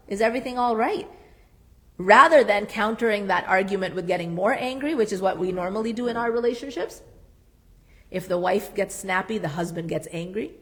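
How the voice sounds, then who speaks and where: A woman psychotherapist leading a marriage workshop. She talks earnestly and emphatically, repeats her key points and adds playful asides. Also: medium pitch. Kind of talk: workshop talk.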